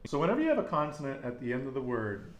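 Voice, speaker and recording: A man's voice: mid-range voice, big pitch swings, racing, echoey room. A man teaching a casual Spanish lesson, patiently repeating words and quizzing his student.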